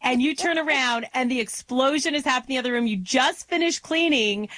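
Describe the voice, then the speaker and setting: A woman's voice: sits high, brisk, fairly bright tone. A woman co-hosting, chatting casually and stressing her points with firm affirmations. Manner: emphatic, affirming interjections. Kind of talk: casual chat.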